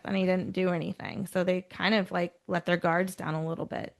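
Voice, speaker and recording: This true-crime podcast host has a lowish, creaky voice with a flat delivery, speaking at a moderate pace with few pauses. She alternates read storytelling with chatty, offhand remarks.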